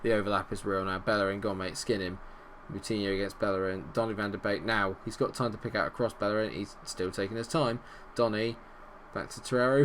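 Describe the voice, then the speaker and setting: A man commentating on his own football management game, animated and bursting into shouts at goals, a little unwell. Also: fairly low pitch, fast, a little hiss or hum. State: unwell, not feeling great. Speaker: gaming video host.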